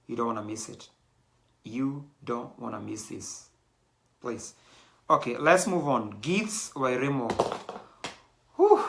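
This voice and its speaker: Male host, bright tone, animated casual delivery, talks straight to the audience. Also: medium pitch, slow pace, creaky, long pauses. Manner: animated, mixes in Swahili slang, many fillers. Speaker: show host.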